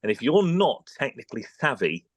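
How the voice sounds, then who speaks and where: A husky, mid-range British voice belongs to a voice-over artist from England, talking briskly in a casual interview with no room sound. He gets animated and plays out studio exchanges in quoted voices.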